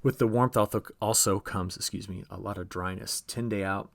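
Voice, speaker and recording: A man's voice: fairly low pitch, steady tone, normal speed, vocal fry. A man giving a chatty agricultural weather briefing over forecast maps, talking straight to viewers and often restarting his phrases.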